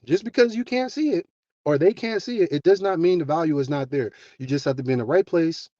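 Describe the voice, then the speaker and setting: A man's voice: fairly high pitch, darkish tone, dry recording. A man telling a motivational story in a casual, folksy way, acting out the dialogue of its characters. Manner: folksy and conversational, acts out dialogue. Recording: dull, muffled lo-fi sound.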